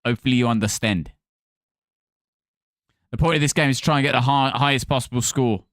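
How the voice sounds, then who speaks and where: Male streamer, casual live chat, smooth clear voice, dry close sound, playful, reads out viewer names. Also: medium pitch, fairly quick, fairly bright tone, no room sound. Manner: chatty, thanks viewers by name, playful.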